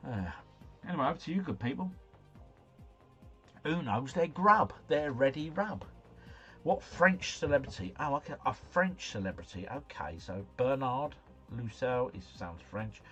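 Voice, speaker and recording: A man's voice: mid-range voice, expressive, measured pace, fairly bright tone, husky. A man hosting a casual livestream, talking himself through answers in a chatty, slangy ramble. Faint music runs behind him. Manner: chatty, musing aloud, slangy. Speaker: livestream host.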